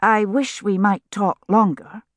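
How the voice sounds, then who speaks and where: A woman voicing a polite, sincere young mother with a gentle manner. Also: mid-range voice, fairly even intonation, unhurried, no echo, pitched above the performer's own voice, lightly acted.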